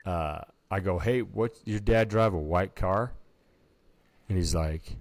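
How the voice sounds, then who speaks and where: A man's voice: deep voice, slow pace, no room sound. A man co-hosting a podcast, telling a story in casual chat, acting out quotes with lots of "dude". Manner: animated storyteller, acts out quotes, says "dude" a lot. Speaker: podcast co-host.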